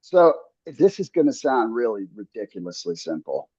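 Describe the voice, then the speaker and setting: A man's voice: fairly low pitch, very animated, normal speed, dark tone, breathy edge, no room sound, muffled recording. A man talking earnestly in a casual podcast conversation, coaching listeners with frequent restarts and asides. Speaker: podcast host.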